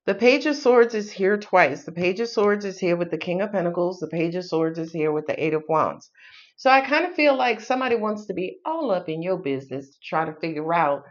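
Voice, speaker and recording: A woman with a New York accent reads tarot in a loose, sassy way, joking and swearing as she talks. The recording sounds a little dull and lo-fi. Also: mid-range voice. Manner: sassy, playful, swearing, laughs often. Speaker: tarot reader. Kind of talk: casual tarot reading.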